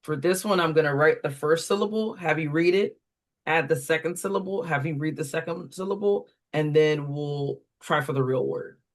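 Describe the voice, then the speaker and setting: Leading a phonics drill, a reading tutor prompts each word in turn with slow, deliberate call-and-response, spelling it letter by letter and offering examples. Now and then the tutor steps aside, speaking lower and faster, to explain the method to other tutors.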